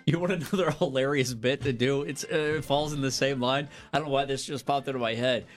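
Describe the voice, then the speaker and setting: Brief: married man, mid-pitched, joking and self-mocking, soft music behind. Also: brisk. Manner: laughing, self-mocking anecdotes. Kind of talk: casual podcast chat.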